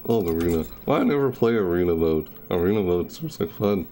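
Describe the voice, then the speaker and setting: Over soft background music, a young adult man talks casually while streaming a game, rambling and repeating and correcting himself. His low, mellow voice is expressive and fast.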